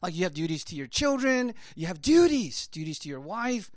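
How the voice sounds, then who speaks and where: A pastor preaches a conversational sermon, rambling with many fillers while choked up and emotional. His high voice has big pitch swings at a normal speed, recorded at studio quality with no echo.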